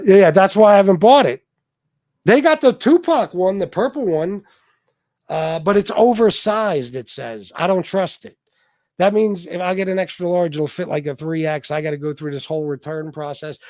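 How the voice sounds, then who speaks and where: A man's voice: on the high side, a little mellow, no room sound. Man, forties, livestream host, joking and profane, dry sound, stammers when flustered. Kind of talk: casual live-stream chat.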